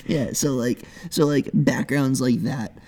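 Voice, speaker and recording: A man's voice: mid-range voice, steady tone, a little slow, dark tone. A man chatting casually and jokingly, rambling with fillers and restarts. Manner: joking, rambling, self-deprecating. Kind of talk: casual chat.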